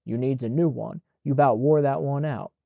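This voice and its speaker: A man's voice: medium pitch, normal speed, gravelly, warm tone, no room sound, natural voice. A man voicing a grumbling teenage servant boy who scolds in folksy Southern dialect. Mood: scolding.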